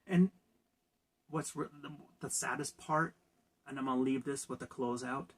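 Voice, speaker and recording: A man's voice: mid-range voice, moderate pace, slightly rough. A man from California ranting in a casual opinion vlog, sarcastic and laughing at his own jokes. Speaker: vlogger.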